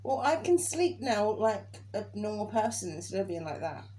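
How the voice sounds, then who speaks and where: A woman's voice: medium pitch, very animated, moderate pace, warm tone, rough recording. A young woman chatting casually and giggling as she tells a family story. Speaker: daughter. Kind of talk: casual chat.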